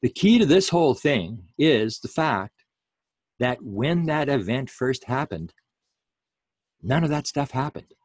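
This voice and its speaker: A man's voice: mid-range voice, very animated, a little slow, long pauses, no room sound. A man giving an online lecture, talking unhurriedly with many fillers and restarts.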